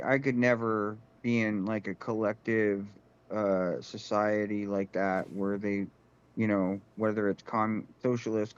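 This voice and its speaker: A man talks on a podcast in casual political chat, rambling and stopping to restart his sentences. His voice is smooth and resonant, though the recording is a bit muffled and lo-fi. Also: on the low side. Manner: rambling, halting, full of "like" and "you know". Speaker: podcast co-host.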